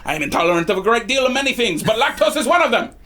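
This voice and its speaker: A man voicing a large, shiny man who shouts stiff, formal denials. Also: very high-pitched, sing-song, very fast, heavily acted. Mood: defensive. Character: large shiny man protesting his innocence.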